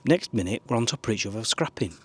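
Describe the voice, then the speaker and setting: Earnest low-voiced man. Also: lively intonation, fast, a bit bright, breathy edge. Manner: rambling, earnest, swears now and then. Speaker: vlogger. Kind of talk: casual advice talk to camera.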